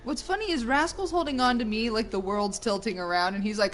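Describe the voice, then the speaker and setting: A woman's voice: fairly high pitch, a little fast. A woman co-hosting a game stream, chatting playfully and laughing often. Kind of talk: casual chat. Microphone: desk microphone.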